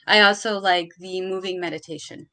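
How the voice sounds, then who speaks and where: A woman in a casual chat, explaining things slowly and carefully and laughing often. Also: on the low side, steady tone, sharp tone. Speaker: podcast participant.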